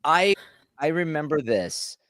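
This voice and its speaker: A man's voice: a little high, lively intonation, slow, fairly bright tone, dry recording, clean studio sound. A man streaming a reaction, ranting casually, stumbling over restarts and swearing freely.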